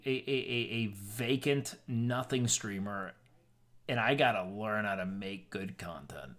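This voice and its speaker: A man's voice: mid-range voice, fairly bright tone. A young man streamer chatting casually on his live stream, rambling and swearing freely as he tells a story.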